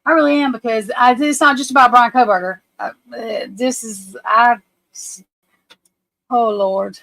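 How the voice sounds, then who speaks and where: A woman's voice: a little high, fairly even intonation, unhurried, creaky, fairly bright tone, poor audio. A woman hosting a casual livestream, anxious and flustered, often breaking off and restarting her sentences. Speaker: livestream host.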